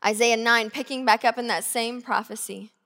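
A woman pastor giving a sermon, earnest and conversational, slowing down to stress key phrases. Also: fairly high pitch, steady tone, a bit bright, long reverb tail. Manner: earnest, conversational preaching with slow emphatic phrases. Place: church sanctuary.

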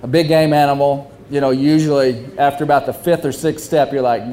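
A young man telling a hunting story, animated and often laughing while he talks. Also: medium pitch, a little fast. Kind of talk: casual storytelling.

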